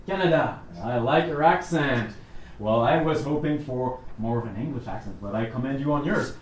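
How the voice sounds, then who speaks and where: A man, a university French professor whose first language is French, talks lively on stage, with many fillers and restarts. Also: medium pitch, moderate pace. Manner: animated, storytelling, hesitant fillers. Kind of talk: interview talk on stage. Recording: echoey room, far from mic, faint noise.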